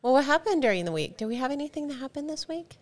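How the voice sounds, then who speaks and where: A woman's voice: high voice, very animated, quick pace. A woman from Texas co-hosting a podcast, chatting playfully and laughing often. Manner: giggly, playful. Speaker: podcast co-host. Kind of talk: casual chat.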